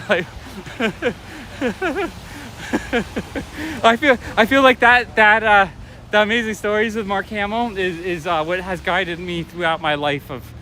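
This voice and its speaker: High-voiced chatty man on a city walk. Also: sharp tone. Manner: rambling storyteller, chatty with viewers. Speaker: vlogger. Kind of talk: casual walking livestream chat. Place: city street outdoors. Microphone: phone or camera carried while walking. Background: traffic and street ambience.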